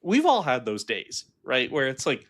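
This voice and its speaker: Animated young man recapping a movie. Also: medium pitch, moderate pace. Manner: animated, acts out quotes from scenes. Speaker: movie review podcast co-host. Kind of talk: casual chat.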